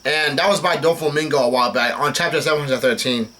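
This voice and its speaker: A young man with a bright, forceful voice pitched a little high talks casually through a comic, reading the characters' lines in a plain tone. He trips over names and keeps stopping with "uh" and "um" before pushing on. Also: fast talker. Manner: reads dialogue aloud flatly with frequent fillers and restarts. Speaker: manga reaction host. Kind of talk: casual live reading commentary.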